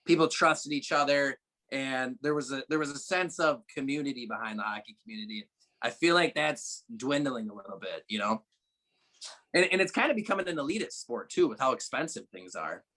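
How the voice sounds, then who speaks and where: A young man, a former college hockey player, telling stories in a relaxed podcast chat with many fillers and restarts. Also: medium pitch, fairly quick. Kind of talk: casual interview chat.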